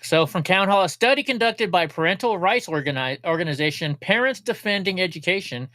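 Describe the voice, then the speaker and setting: A man's voice: high voice, animated, a little fast, sharp tone, no room sound. A man hosting a casual political news livestream, talking sarcastically, laughing at clips and chatting with viewers. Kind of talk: casual commentary.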